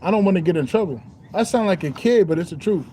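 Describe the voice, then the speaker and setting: A man's voice: high-pitched, animated, quick pace, warm tone, slight background noise. A young man in a casual spiritual rant as a streamer, preachy and repetitive, saying "bro" constantly.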